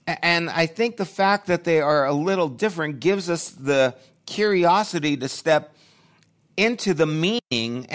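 A man's voice: a little high, a bit bright. A man preaching a sermon, talking in a conversational way and thinking aloud with restarts. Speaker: pastor.

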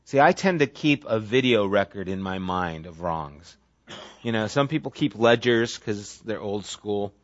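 A man's voice: on the low side, expressive, unhurried, no room sound. A man preaching a sermon in a conversational way, often acting out the voices he quotes. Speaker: pastor. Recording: dry, dull lo-fi sound.

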